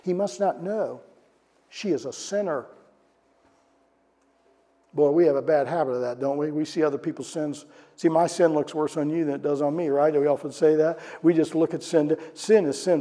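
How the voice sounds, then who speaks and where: Animated high-voiced male preacher, reverberant hall. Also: brisk. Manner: animated preaching with questions to the congregation. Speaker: pastor. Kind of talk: sermon.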